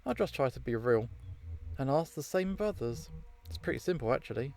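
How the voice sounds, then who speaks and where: A man's voice: mid-range voice, animated, brisk, darkish tone, natural voice. A man voicing a laid-back jock ghost who talks in breezy slang, over faint game music. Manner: surfer-style slang, breezy.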